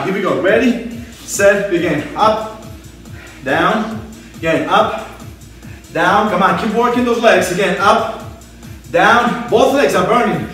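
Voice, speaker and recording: A man leading a home workout as a fitness instructor, cheering people on and counting reps, out of breath. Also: high-pitched. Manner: energetic, encouraging, counts reps aloud. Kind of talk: live workout coaching. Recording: very echoey room, mic at a distance.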